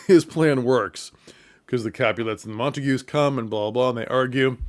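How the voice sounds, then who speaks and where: Speaking to theatre makers, a man gives a relaxed recap of a comedy film, chuckling as he tells it. He's lively about it and drops into brief falsetto voices whenever he quotes a character.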